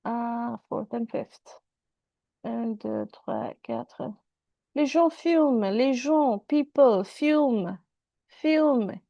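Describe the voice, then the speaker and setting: High-voiced woman teaching French online. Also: very slow, gravelly, mellow, no echo, lo-fi sound. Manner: repeats phrases, switches between French and English.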